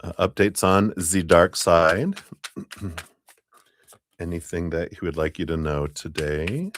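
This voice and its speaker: A man's voice: low voice, takes it slowly, a little hiss or hum. A middle-aged man giving a chatty live-stream tarot reading, laughing often as he talks. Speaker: tarot reader.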